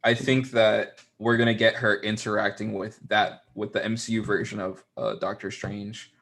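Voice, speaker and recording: A young man with a fairly low voice talks in a loose, rambling way, leaning on fillers like "like" and "um." He co-hosts a casual chat show and tosses in mocking asides now and then. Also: level tone, normal speed, a bit bright. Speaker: podcast co-host.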